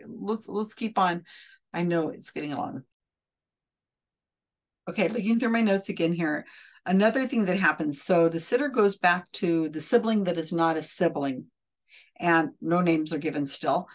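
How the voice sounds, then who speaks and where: Low-voiced woman picking apart a reading. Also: normal speed. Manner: picky, explanatory, often restates quotes. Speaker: skeptic commentator. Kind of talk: analytical commentary on a recording.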